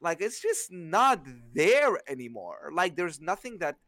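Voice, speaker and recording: A man's voice: high voice, big pitch swings, measured pace, a crowd in the background. A young man co-hosting a podcast, rambling hesitantly with lots of filler words in casual chat. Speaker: podcast co-host.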